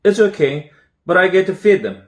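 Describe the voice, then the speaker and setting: A man's voice: high-pitched, lively intonation, a little fast, voice pushed up. Man doing a whiny older boy. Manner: whiny, complaining. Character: grumpy, sarcastic older boy Pete.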